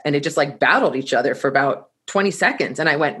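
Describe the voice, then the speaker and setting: A woman telling a personal story to an audience in an animated way, laughing now and then and often restarting her sentences. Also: sits low, fast talker, slightly rough. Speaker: course teacher.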